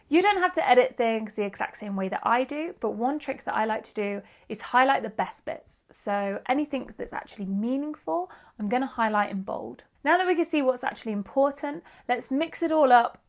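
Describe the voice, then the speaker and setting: Upbeat woman teaching writing. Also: fairly high pitch. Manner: upbeat, emphatic teacher reading examples aloud. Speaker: writing instructor. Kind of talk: online writing lesson.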